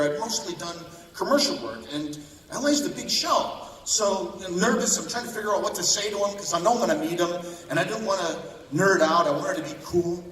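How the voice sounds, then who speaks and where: A man's voice: high-pitched, a bit bright, slight background noise. A man, a voice actor on a convention panel, telling rambling, chatty anecdotes with bits of laughter. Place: large convention panel room. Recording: echoey hall recorded from far off.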